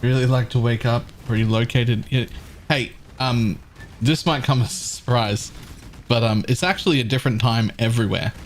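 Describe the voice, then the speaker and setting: A man's voice: medium pitch, steady tone, normal speed, a little hiss or hum. An Australian man streaming live, chatting with viewers in a rambling, sarcastic way and swearing casually.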